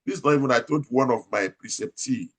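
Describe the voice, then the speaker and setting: In an interview, a male operating room nurse manager with a Nigerian accent dispenses advice loudly and emphatically. He repeats himself and throws out rhetorical questions, talking fairly quickly at a medium pitch.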